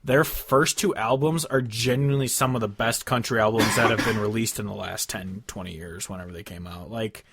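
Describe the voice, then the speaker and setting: A man co-hosting a casual podcast, blunt and quick to laugh, swearing freely. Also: lowish voice, very noisy. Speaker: podcast co-host. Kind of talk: casual chat.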